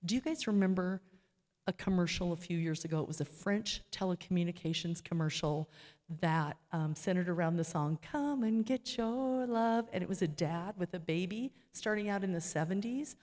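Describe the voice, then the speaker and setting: Middle-aged lady giving a church talk, chatty and heartfelt, mellow low voice. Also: brisk. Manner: conversational and heartfelt, with frequent fillers. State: near tears while telling a story. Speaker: church speaker. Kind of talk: informal sermon closing with a prayer. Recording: long hall reverb.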